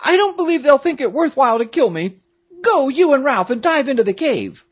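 A man reading aloud and voicing a frightened, excitable teenage boy in a high, shrill, panicky voice. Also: fairly quick. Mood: panicked.

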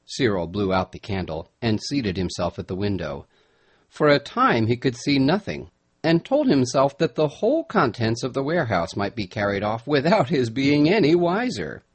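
A man narrating a storybook chapter in a measured storytelling voice. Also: medium pitch, big pitch swings, breathy edge. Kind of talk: audiobook narration.

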